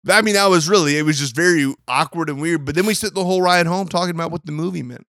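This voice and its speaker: A man co-hosting a podcast in casual chat, telling stories in an animated way and swearing freely. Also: on the high side, quick pace, no echo, clean studio sound. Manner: animated storytelling, swears, mock indignation. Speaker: podcast co-host.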